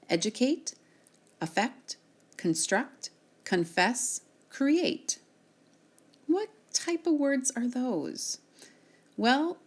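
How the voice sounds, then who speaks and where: A woman teacher giving a recorded reading lesson, sounding out words slowly and clearly for her students. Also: fairly high pitch.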